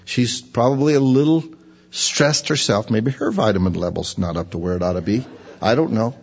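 A man's voice: fairly low pitch, normal speed, breathy edge. A man preaching a sermon, teaching through a Bible passage in a folksy, conversational way. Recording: lo-fi recording with long hall reverb.

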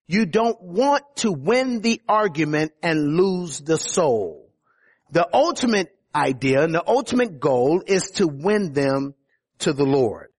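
A man preaching a sermon, teaching from scripture verse by verse and stressing key words. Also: sits high. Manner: emphatic, rises on quoted words.

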